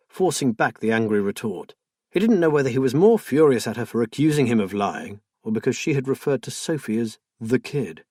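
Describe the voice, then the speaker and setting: A man narrating an audiobook mystery in a measured, expressive storytelling manner. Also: mid-range voice, slightly rough, dry recording, studio quality.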